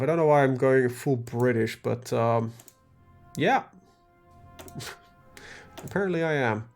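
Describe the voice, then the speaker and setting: A man's voice: medium pitch, slow, pauses often, soft background music. A man live-streaming a strategy game, talking casually to himself and his chat, full of ums and the odd swear word. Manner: thinks aloud, lots of ums, casual swearing.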